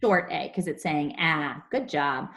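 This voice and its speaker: A young woman leads a phonics lesson for small children on a video call. Her voice sits slightly low, and she explains each sound slowly and clearly, like a patient teacher. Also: animated, a bit bright. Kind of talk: online class phonics lesson.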